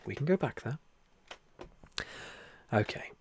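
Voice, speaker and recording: A man hosting a spiritual livestream, talking earnestly and repetitively, then softly whispering into a close microphone as he guides a meditation. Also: mid-range voice, expressive, slow, slight background noise. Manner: earnest, repetitive, soft-spoken. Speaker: livestream host.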